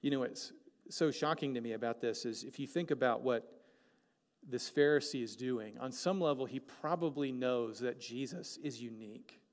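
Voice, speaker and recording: A man preaching a sermon as pastor, animated and joking, asking the congregation many questions. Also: medium pitch, normal speed. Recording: long hall reverb.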